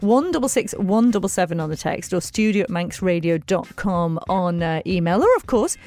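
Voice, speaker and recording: A woman presenting a radio show, chatting warmly with guests and reading out ways to get in touch. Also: lowish voice, expressive, normal speed, no echo. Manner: chatty, encouraging, laughs often. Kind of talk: casual radio interview. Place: radio studio.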